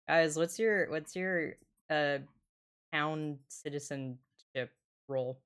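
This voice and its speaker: A woman's voice: sits low, takes it slowly, clear, resonant tone. A young woman streamer chatting casually with her viewers, joking and swearing. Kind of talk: casual livestream chat.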